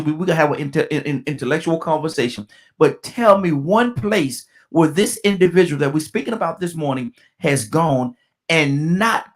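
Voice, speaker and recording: A middle-aged man hosting a call-in radio talk show, repeating himself and restarting his sentences, slowing right down to read out a phone number. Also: fairly high pitch.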